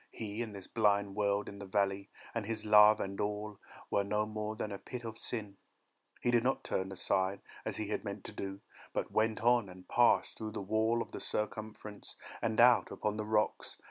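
A man narrating an audiobook short story in a soft, gentle dramatic reading style. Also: on the low side. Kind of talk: scripted narration.

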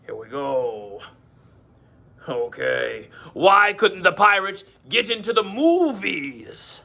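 Fields: Voice: a man doing a jolly growling pirate. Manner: slow, gravelly, lively. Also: sits high, full character voice. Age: 40s. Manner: growly pirate "arr"s, joking with the children. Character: jolly male pirate, hearty and playful. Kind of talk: pirate voice for a children's lesson.

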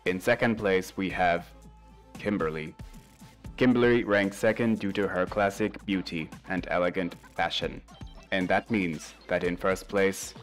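A man putting on a deadpan robot announcer. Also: low voice, faint music behind. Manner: slow, monotone, announcing a ranking. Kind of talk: mock robot voice reading a countdown.

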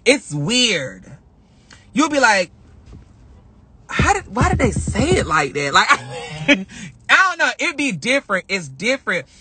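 High, lively man with animated talk. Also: slow, long pauses, slight background noise. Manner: emphatic, repeats phrases for effect; animated, spiritual storytelling. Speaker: vlogger. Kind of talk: casual livestream chat.

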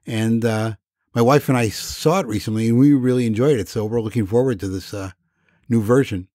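A man of middling pitch hosts a podcast in casual talk. His voice is plainspoken and friendly, and the recording is dry and close with no room sound. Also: a little fast, dark tone, dry recording. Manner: friendly, plainspoken, a few fillers. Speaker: podcast host.

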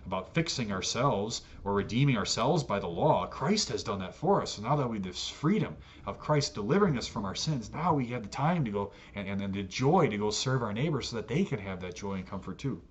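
An American man teaching an adult catechesis lesson on the Bible in a relaxed, conversational way, with fillers and self-corrections. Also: on the low side. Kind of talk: Bible study lecture. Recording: dull lo-fi audio with faint noise.

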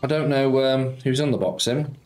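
A man's voice: mid-range voice, fairly even intonation, moderate pace, a little mellow, soft background music. A man streaming casino slots, chatting casually and greeting viewers by name as he banters about football. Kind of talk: casual live-stream chat.

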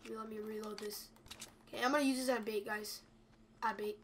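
A woman's voice: medium pitch, steady tone, fairly quick, slight background noise. A young woman giving live gameplay commentary, chatty and anxious, talking straight to her viewers. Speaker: gameplay video creator.

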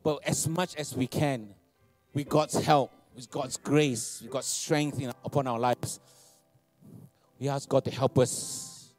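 A man, preaching a sermon, animated and laughing, repeating phrases and asking for amens. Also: mid-range voice, takes it slowly, no room sound, faint music behind. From Malaysia. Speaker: pastor. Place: church hall.

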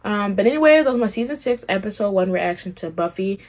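A young woman hosting a reaction channel, talking in a rambling, excitable way with plenty of swearing and fillers. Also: medium pitch, quick pace. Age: young adult. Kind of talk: casual reaction commentary.

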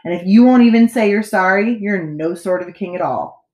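A woman's voice: medium pitch, fairly quick, darkish tone, natural voice. A woman voicing a bold young boy in a read-aloud picture book, speaking bluntly and scolding. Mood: stern. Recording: echoey room.

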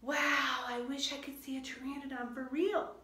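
A woman's voice: high voice, level tone, normal speed, bright, forceful tone, recorded from a distance, pitched above the performer's own voice. A woman voicing a cautious, doubtful young boy in a storybook reading. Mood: worried. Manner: worried, doubtful. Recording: roomy echo.

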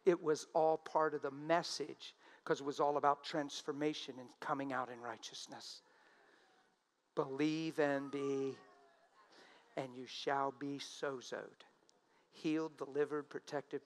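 A man preaching a sermon, animated, drawing out the words he quotes for emphasis. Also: a little high, moderate pace.

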